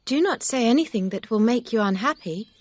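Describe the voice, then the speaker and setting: A woman voicing an earnest young gentlewoman in an audiobook reading, speaking quietly and with self-reproach. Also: a little high, moderate pace, voice pushed up, close to an everyday voice.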